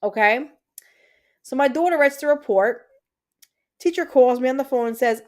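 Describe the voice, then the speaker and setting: Hosting a livestream, a woman in her thirties chats through a family story, breaking off now and then to answer viewers in her chat. Her voice is high-pitched and animated, at a moderate pace.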